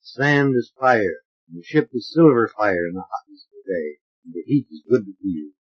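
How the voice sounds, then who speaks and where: Male audiobook narrator, husky, lo-fi vintage recording. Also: lowish voice, expressive, normal speed. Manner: dramatic, varied character voicing. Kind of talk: expressive audiobook reading. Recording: dull lo-fi transfer of an old record.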